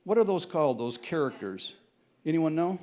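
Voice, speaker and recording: A man's voice: a little high, sing-song, moderate pace, warm tone. An older man telling a true story on stage in a rambling, self-correcting way, often chuckling as he goes. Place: stage at a brewery before an audience.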